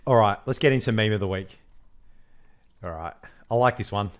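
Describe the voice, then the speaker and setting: A man co-hosting a podcast in casual chat, animated, swearing freely and mimicking others as he tells stories. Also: fairly low pitch, normal speed. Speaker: podcast co-host.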